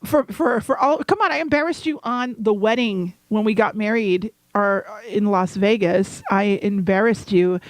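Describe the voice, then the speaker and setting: A woman's voice: mid-range voice, moderate pace, hardly any pauses, no room sound. A playful, teasing woman co-hosting a casual chat podcast. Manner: playful, teasing, laughs often. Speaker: podcast co-host.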